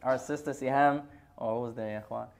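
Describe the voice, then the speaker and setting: A middle-aged man leads a classroom hadith lesson with a playful, teasing manner, his voice sitting at an ordinary pitch. He slips Arabic phrases into his English and keeps the students laughing. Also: steady tone, brisk, vocal fry, a little mellow. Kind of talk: joking classroom lecture.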